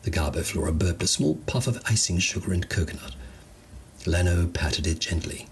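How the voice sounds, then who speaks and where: A man's voice: sits low, normal speed, husky. A man giving a wry scripted narration of a comedic sci-fi story.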